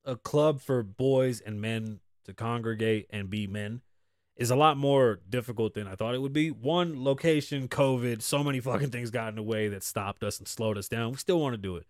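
Loud, cursing man ranting on a podcast. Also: normal speed, dry recording, studio quality. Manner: blunt, heavy cursing, swings between loud outbursts and low mutters. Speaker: podcast host. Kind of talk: profane opinion rant.

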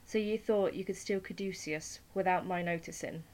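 A mischievous male trickster god from a storybook tale, read out by a woman, teasing and grand. He speaks with easy, playful confidence, a little louder than the telling around him. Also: lowish voice, fairly even intonation, moderate pace, close to an everyday voice.

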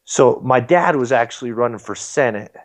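A man's voice: medium pitch, expressive, normal speed. A man in his thirties, a state legislator, telling his story in a casual interview, rambling and self-deprecating with many restarts.

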